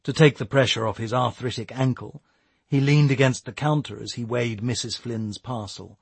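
A man reading a novel aloud in a steady, measured storytelling manner. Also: medium pitch, vocal fry, husky, dry recording. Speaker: audiobook narrator. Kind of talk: scripted narration.

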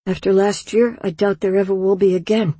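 A woman's voice: medium pitch, fairly even intonation, a little fast, dark tone, breathy edge, no echo, close to an everyday voice. A woman voicing an eager, overly keen teenage boy apprentice. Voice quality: eager, breathless.

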